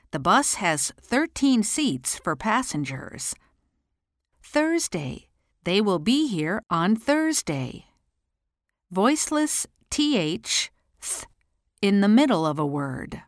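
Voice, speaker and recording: Woman, pronunciation drill, very slow, lively pitch, dry close sound. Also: no echo. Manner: careful, deliberate enunciation. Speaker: pronunciation teacher. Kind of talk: slow pronunciation drill, word then sentence.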